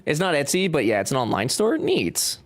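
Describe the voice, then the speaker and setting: His voice sits on the high side and moves briskly with huge pitch swings. The young Louisiana streamer, Cajun accent and all, jokes with his live chat and reads it aloud while he builds.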